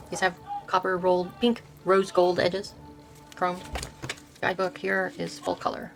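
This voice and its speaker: Soft-spoken older woman reading card names. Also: fairly low pitch, monotone, creaky, music in the background, low-quality recording. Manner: murmured, halting, trails off and restarts words; reads card names aloud one by one. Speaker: host showing her tarot deck collection. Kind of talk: soft-spoken casual deck walkthrough.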